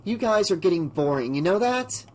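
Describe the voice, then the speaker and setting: A man voicing an energetic, slightly nervous nineteen-year-old woman in an audiobook. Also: high voice, moderate pace, pitched above the performer's own voice.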